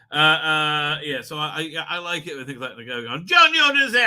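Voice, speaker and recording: A middle-aged man hosting a casual livestream, rambling excitably, swearing freely and laughing often. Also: on the high side, moderate pace, hardly any pauses. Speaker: livestream host. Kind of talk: casual live chat.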